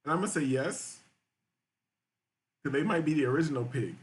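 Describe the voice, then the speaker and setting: A man's voice: on the high side, animated, fairly quick. A man hosting a live-stream show, reading viewer chats aloud and reacting in crude, rambling, repetitive casual talk.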